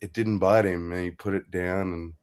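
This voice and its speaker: A man's voice: sits low, steady tone, moderate pace, darkish tone, smooth. A man with an Australian accent chatting casually with friends, laid-back and sweary, laughing often. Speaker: streamer host. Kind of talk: casual chat.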